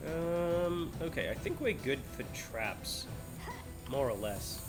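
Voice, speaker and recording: An adult man streaming a game talks live in a slightly high, expressive voice, taking things slowly. Game music runs underneath as he rambles playfully and chuckles at himself.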